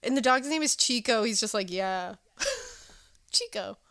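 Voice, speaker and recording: A woman co-hosting a podcast, recapping a film in a casual, animated way and acting out the characters' lines. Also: on the high side, measured pace, dry recording. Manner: animated, laughing, acting out quotes. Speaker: podcast co-host.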